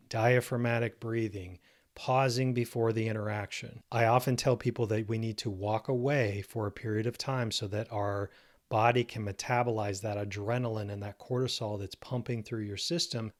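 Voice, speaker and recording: Guy coaching on relationships, calm and steady, walks thru it step by step, medium pitch. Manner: calm, measured, explains step by step. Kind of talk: instructional self-help talk.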